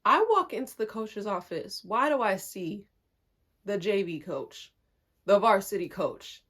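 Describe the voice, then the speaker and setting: A woman's voice: mid-range voice, lively intonation, measured pace, fairly bright tone. A young woman telling a casual storytime, acting out quotes and laughing often. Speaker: storytime vlogger.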